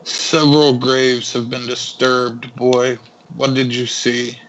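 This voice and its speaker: A man playing a stern cleric of the king who speaks slowly and commandingly in a tabletop game. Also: medium pitch, little pitch movement, a bit bright, lo-fi sound, slight background noise.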